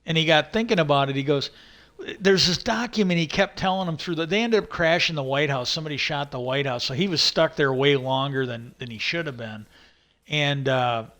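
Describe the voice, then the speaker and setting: A man casually retelling a story as a livestream host, rambling and halting, with many "he goes" and filler words. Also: fairly high pitch, a bit bright.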